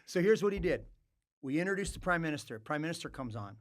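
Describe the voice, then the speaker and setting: A middle-aged man, a former hockey player, telling stories as a podcast guest in a studio. He swears freely and breaks into loud outbursts. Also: on the high side, quick pace, no room sound. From Canada. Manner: animated, profane storyteller with loud outbursts. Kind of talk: casual storytelling.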